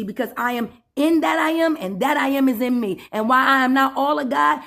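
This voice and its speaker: Woman, higher-pitched voice, satirical sermon rant, preachy, profane, drawn-out emphasis, sudden loud outbursts. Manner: preachy and profane, calls listener 'boo' and 'my friend'. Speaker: self-styled spiritual preacher.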